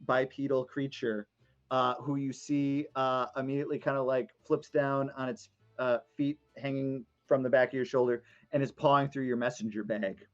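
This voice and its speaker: A man's voice: medium pitch, clean tone. Casting: man as game master, loose improvised narration, muffled lo-fi stream sound. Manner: rambling, filler-heavy improvised narration. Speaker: dungeon master.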